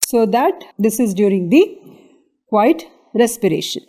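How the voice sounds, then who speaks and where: Indian lady doing an anatomy revision lecture, soft dark tone, lots of "okay"s. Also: mid-range voice, big pitch swings, unhurried. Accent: Indian English. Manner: explains step by step, often checking with "okay".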